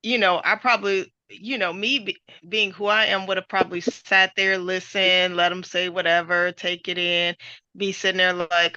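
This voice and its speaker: Bright, dry-sounding woman co-host. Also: fairly low pitch, flat delivery, normal speed, dry recording, highs cut off. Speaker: podcast co-host. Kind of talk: casual chat.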